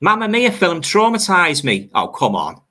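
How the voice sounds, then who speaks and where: A man's voice: fairly high pitch, wildly swooping pitch, moderate pace, sharp tone. An older man from Liverpool with a Scouse accent, hosting a casual livestream chat and reading out viewer comments, repeating phrases as he talks. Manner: chatty, repeats phrases and fillers. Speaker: livestream host.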